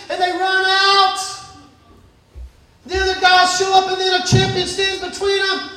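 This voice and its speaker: A man's voice: extremely high pitch, flat delivery, moderate pace, pushed and bright. A man preaching a sermon, telling a story with animation and acting out the scenes. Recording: echoey hall from far off.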